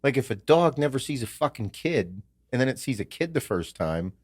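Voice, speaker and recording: A man's voice: mid-range voice, normal speed, slightly rough, no echo, studio quality. A man hosting a podcast, telling family stories in casual chat, swearing often and acting out what others said. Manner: animated storytelling, swears a lot, acts out quotes. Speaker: podcast host.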